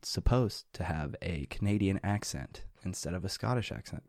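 A young man in his student years, co-hosting a podcast in casual chat with a dry, low-key delivery. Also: expressive, normal speed, darkish tone, dry recording. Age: young adult. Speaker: podcast co-host.

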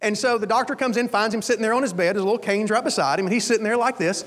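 High-voiced man preaching in a reverberant hall. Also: very fast. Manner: animated storyteller acting out voices. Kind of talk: storytelling sermon.

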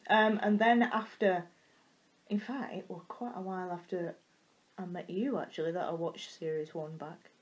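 A woman's voice: fairly low pitch, fairly even intonation, moderate pace. A nineteen-year-old woman with a Yorkshire accent, chatting casually as a podcast co-host, laughing easily and swearing now and then. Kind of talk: casual chat.

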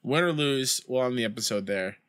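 Playing a baseball video game on stream, a young man talks casually with his chat, reading it aloud and telling meandering school stories, with outbursts when a play goes wrong. He speaks a little fast at a medium pitch, with a smooth, slightly bright voice.

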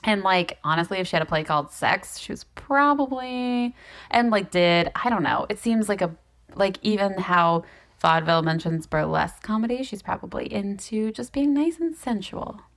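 A woman's voice: mid-range voice, animated, normal speed, fairly bright tone. A woman co-hosting a casual podcast, chatty and joking, who often interrupts and swears. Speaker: podcast co-host. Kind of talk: casual chat.

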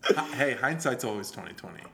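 A man's voice: mid-range voice, animated, a little fast, vocal fry, fairly bright tone, slight background noise. Profane joking young man, echoey room. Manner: loose, profane, joking banter. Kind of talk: casual chat. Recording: echoey room with faint ambience.

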